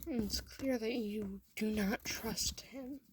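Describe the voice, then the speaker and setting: Woman reading a fan story to you, super slow, kinda whispery. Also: a little high, noisy background. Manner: slow, often half-whispered.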